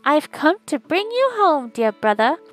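A woman's voice: high-pitched, very animated, measured pace, soft background music, voice pushed up. Woman putting on a gleeful little girl. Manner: bubbly, full of glee. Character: gleeful little girl, loving younger sister.

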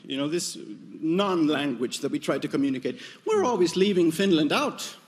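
A man performing a stand-up comedy set before a live audience, animated and imitating foreign speech and swearing. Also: high voice. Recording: noisy live venue.

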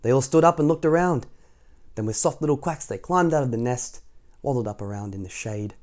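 A man reading a children's picture book aloud as the storytime host, adding gentle asides to young listeners. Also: mid-range voice, fairly quick. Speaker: storytime reader.

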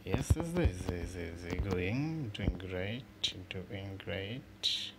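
Deep gravelly man commenting on gameplay. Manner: excitable, swearing, halting restarts. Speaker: gaming channel host. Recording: noisy home recording.

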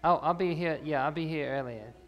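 A man with a fairly high-pitched voice, speaking a little fast, fields health questions following his talk. As the health speaker, he explains with fillers and restarts, recorded in a reverberant church hall with faint ambience.

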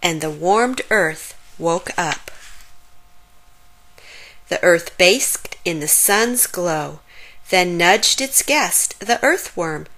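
Slow, animated woman reading a children's story. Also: medium pitch. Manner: expressive, unhurried storytelling. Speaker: storybook reader. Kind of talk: children's story read-aloud.

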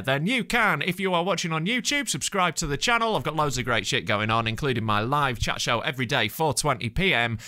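A man's voice: medium pitch, pushed and bright. Sweary British man on a rant. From Britain. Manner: sweary, exasperated, sarcastic. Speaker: stand-up comedian and podcast host. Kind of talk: comic rant.

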